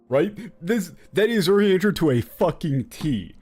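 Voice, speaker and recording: Animated, swearing male game streamer. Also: high-pitched, unhurried, hardly any pauses, breathy edge, soft background music. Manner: animated, profane, rambling with many fillers. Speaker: gaming streamer. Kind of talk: casual commentary while playing.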